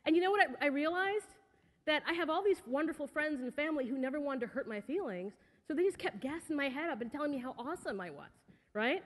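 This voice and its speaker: A woman giving a lively, conversational motivational talk to young people, with frequent asides to the audience. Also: high voice, quick pace. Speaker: speaker. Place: auditorium stage. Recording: echoey hall.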